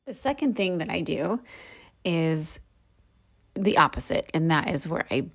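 A woman in her thirties, a podcast host, telling a candid personal story for a devotional show, reflective, with soft laughs. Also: sits low, expressive, unhurried, vocal fry.

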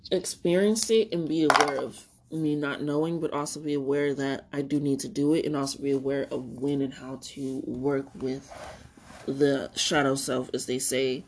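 A woman's voice: sits low, a little mellow, a little hiss or hum. A woman hosting a solo podcast, talking candidly and rambling about healing, swearing and laughing often, tearful at times. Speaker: podcast host. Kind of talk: reflective solo podcast monologue.

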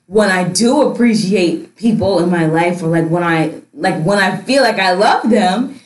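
A woman's voice: lowish voice, normal speed. A young woman in a casual group conversation who talks reflectively and peppers her speech with "like". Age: young adult. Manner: reflective, heavy use of "like". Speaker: discussion participant. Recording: roomy echo.

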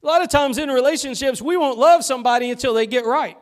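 A man preaching a sermon as pastor in a church, fervent and swinging from loud to hushed. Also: extremely high pitch, fast talker. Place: church sanctuary.

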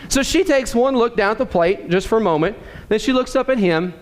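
A man's voice: very high voice, lively intonation, brisk. A man preaching a sermon in a folksy, storytelling way, often checking in with the congregation. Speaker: pastor. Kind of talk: sermon with a joke opener. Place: church.

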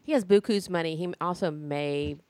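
A woman's voice: sits low, normal speed, a little mellow, no room sound. A woman from Alabama hosting a podcast in casual interview chat, blunt and swearing freely. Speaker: podcast host.

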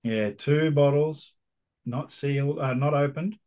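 A man's voice: fairly high pitch, a little slow, darkish tone. An Australian man co-hosting a casual whisky podcast, laid-back and swearing now and then. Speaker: podcast co-host. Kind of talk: casual chat over whisky.

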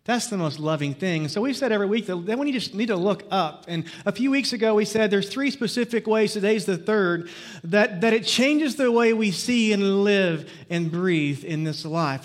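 A man's voice: high-pitched, animated, normal speed. A man preaching a sermon as pastor, opening with jokes and stories before turning earnest. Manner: jokey storytelling, then earnest preaching.

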